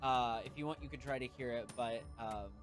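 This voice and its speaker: A man's voice: mid-range voice, fairly quick, music in the background. A man narrating as game master for a tabletop game, in a loose way with lots of fillers.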